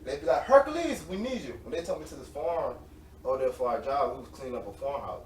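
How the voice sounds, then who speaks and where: A man in his late twenties, an interview guest, telling animated, slangy stories and laughing often. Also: mid-range voice, fast talker. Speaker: interview guest, semi-pro football player. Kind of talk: casual storytelling. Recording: roomy, distant mic with faint noise.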